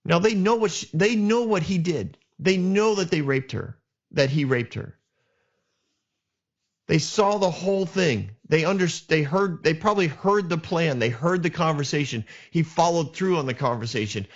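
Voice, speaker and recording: A man's voice: fairly high pitch, lively intonation, normal speed, lo-fi sound. A man hosting a podcast, retelling a Bible story with passionate, indignant commentary and frequent restarts. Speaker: podcast host.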